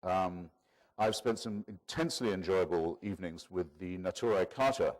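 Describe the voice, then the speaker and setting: A man giving a public lecture in a measured, wry, digressive way. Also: sits low, a little mellow.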